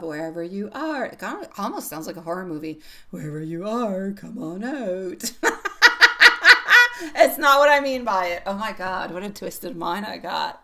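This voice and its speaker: A woman's voice: medium pitch, fairly bright tone, slight background noise. A woman reading tarot on a live stream, chatty and affectionate, laughing often and calling viewers sweetie pie. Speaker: tarot reader.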